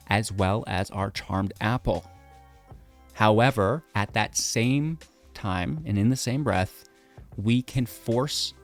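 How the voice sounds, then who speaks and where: A man giving upbeat, chatty commentary on a card game deck and his matches, thinking aloud as he plays. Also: lowish voice. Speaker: gaming content creator.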